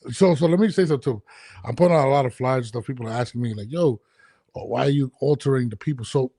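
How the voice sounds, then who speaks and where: A man's voice: mid-range voice, fast talker, mellow, no room sound, clean studio sound. A man hosting a casual podcast interview, talking loosely with many restarts and fillers. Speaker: podcast host. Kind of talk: casual video-call interview.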